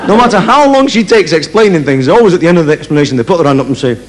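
A man's voice: fairly high pitch, expressive, very fast, a faint crowd. A man doing live stand-up storytelling on stage, chatty, with many asides of "right?". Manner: chatty, keeps adding "right?". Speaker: stand-up comedian. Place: opera house stage. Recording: live concert recording with audience.

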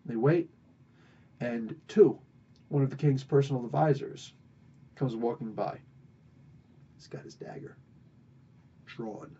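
A man's voice: medium pitch, slow pace, pauses often, dark tone, husky, muffled recording. A man hosting a podcast, recapping a story in a rambling, playful way with self-corrections.

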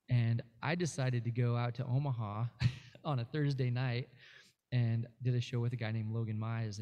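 A man's voice: mid-range voice, lo-fi sound. A man appearing as a guest musician, telling a rambling story in casual interview chat, full of fillers and restarts.

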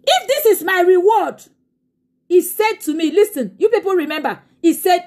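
A woman pastor preaching with a very high voice. She preaches with great passion and often swings into tearful shouting. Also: expressive, normal speed. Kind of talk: sermon.

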